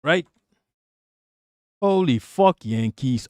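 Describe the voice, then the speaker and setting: Gravelly man ranting on a live stream. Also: on the high side, unhurried, no room sound, studio quality. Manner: profane, heated, repeats words when worked up. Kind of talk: heated live-stream rant.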